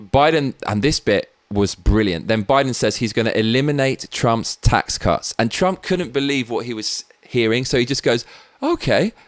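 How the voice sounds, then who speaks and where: A man's voice: mid-range voice, moderate pace, few pauses, no echo. A British man hosting his own show, giving blunt, sweary political commentary with rambling asides. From Britain. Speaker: show host.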